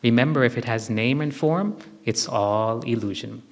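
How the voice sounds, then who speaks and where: A man gives a spiritual teaching to a live group, speaking in an ordinary mid-range voice. He instructs gently and circles back to repeat his key phrases. The sound carries the long reverb of a large hall. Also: medium pitch, moderate pace.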